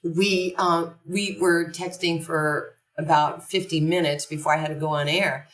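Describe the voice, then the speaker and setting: An older woman with a very low voice tells her story as a podcast guest, animated and long-winded. She sits away from the microphone in an echoey room. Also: a little slow. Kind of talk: conversational storytelling. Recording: echoey room, distant from the mic.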